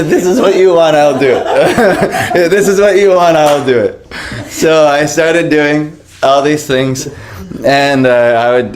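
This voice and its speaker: A man casually telling the story of how he came to his faith, animated and laughing, acting out the voices of people in it. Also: medium pitch. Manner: animated, laughing, acts out quoted voices, many fillers.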